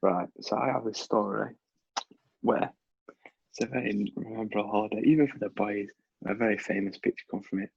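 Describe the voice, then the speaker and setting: Gravelly young man, dull dry sound. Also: on the low side, a little fast, darkish tone, dry recording. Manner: laid-back, rambling, swearing. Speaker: podcast co-host. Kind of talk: casual storytelling chat.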